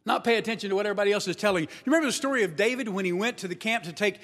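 Male pastor, high voice, storytelling sermon, long hall reverb. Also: rapid-fire, a bit bright. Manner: storytelling, acts out quoted voices.

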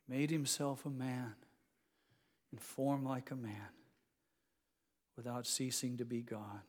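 A man in his sixties delivering a sermon with a fairly high voice. He moves between ringing, emphatic proclamations and soft, close storytelling, and a long reverb trails his words. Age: 60s. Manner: swings from loud emphatic declarations to hushed intimate storytelling. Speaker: pastor.

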